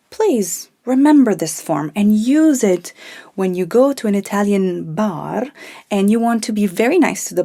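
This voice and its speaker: A woman teaching a language lesson, explaining grammar calmly and modelling example phrases clearly. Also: medium pitch. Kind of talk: scripted lesson narration.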